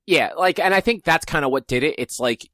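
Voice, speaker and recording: A man's voice: a little high, animated, brisk, fairly bright tone, no room sound, studio quality. A young man co-hosting a podcast in casual chat, rambling and searching for words with many ums. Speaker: podcast co-host.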